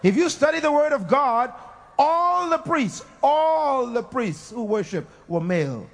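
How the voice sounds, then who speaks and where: A man preaching a fiery sermon, shouting, laughing and leading call-and-response. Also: extremely high pitch, very animated, unhurried.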